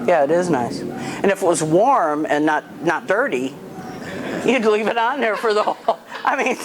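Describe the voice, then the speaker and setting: A woman's voice: lowish voice, lively intonation, moderate pace, noisy background. A woman dog trainer coaching an owner in a hands-on session, blunt and firm, snapping commands at the dog.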